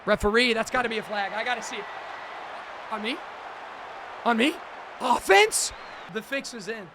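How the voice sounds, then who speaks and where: High-voiced excitable man calling his game. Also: moderate pace, background noise. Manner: excitable, shouts and exclaims at big plays. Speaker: gaming streamer. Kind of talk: excited gameplay commentary.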